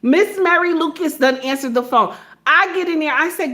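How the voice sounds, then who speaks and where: High-voiced blunt woman ranting. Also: normal speed. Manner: blunt, animated, acts out phone calls in different voices; repeats points with "okay?" tags. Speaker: social media commentator. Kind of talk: casual monologue to camera.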